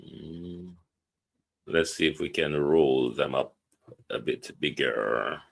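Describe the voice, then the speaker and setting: An extremely low, creaky voice with a breathy edge belongs to this Jamaican-accented man, who speaks slowly while hosting a casual live stream. He reads viewer names and a phone number aloud and chats loosely, heard through a phone or computer mic.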